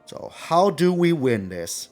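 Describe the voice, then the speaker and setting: A man narrating his own card game match as he plays, his voice sitting high and leaping all over the place. He repeats phrases, swears mildly and stays animated throughout. Faint music plays behind him. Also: slow. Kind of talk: live gameplay commentary.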